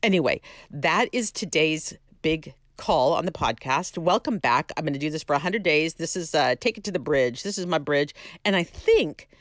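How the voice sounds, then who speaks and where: A middle-aged Californian woman hosts her own podcast solo, her low voice animated and moderately paced with no room sound. She rambles in a chatty, self-deprecating way, restarting often.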